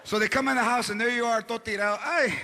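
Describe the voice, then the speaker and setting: High, gravelly comedian. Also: male voice, racing. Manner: animated storytelling that switches into Spanish phrases. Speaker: stand-up comedian. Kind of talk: stand-up comedy set. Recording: live club, crowd laughter and noise.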